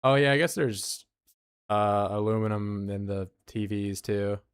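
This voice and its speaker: A man's voice: lowish voice, unhurried, smooth, no room sound, clean studio sound. An American man giving casual, joking commentary to his chat while he plays a video game. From United States. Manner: chatty, joking, talking to chat while playing. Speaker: game streamer.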